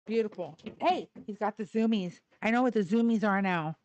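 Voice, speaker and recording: Livestream host, woman, smooth clear voice, loose rambling chat with laughs and casual swearing. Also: medium pitch, normal speed, hardly any pauses, a little mellow, dry recording, muffled recording. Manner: coos baby talk at her dogs.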